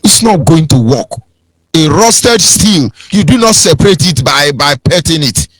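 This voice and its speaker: A man's voice: a little high, expressive, unhurried, a bit bright, breathy edge, no room sound. A man with a Nigerian accent giving an impassioned, preachy political talk on radio, swinging into sing-song mockery. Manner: preachy, sing-song, mocking impressions of others. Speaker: radio broadcast speaker.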